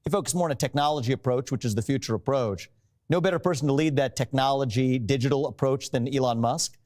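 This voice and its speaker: Fast, polished politician in a TV clip. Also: male voice, mid-range voice, darkish tone. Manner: smooth, on-message talking points. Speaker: politician in a TV interview. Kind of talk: polished political interview answers. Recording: broadcast clip played back.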